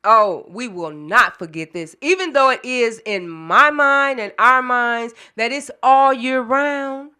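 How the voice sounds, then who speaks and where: A woman's voice: fairly high pitch, slow pace, few pauses, pushed and bright, clean tone. A woman co-hosting a live call-in show in casual chat, laughing and affirming her partner. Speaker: co-host.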